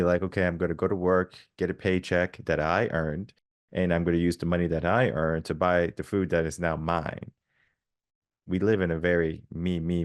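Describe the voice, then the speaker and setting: Male podcast host, very deep voice, earnest, fills with "you know", dry close sound. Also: a little mellow, no echo. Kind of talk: reflective interview talk.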